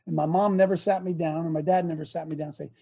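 An older man with a high, husky voice rants as a show host, fired up and emphatic. He drives each point home by saying it again and again. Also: fairly even intonation, fast, dark tone. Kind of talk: impassioned opinion monologue.

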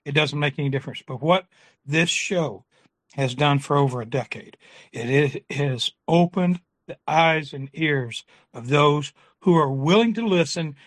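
A man's voice: fairly high pitch, measured pace. A man who is a regular on a talk show, chatting casually and reflectively, often restarting his sentences. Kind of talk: casual chat.

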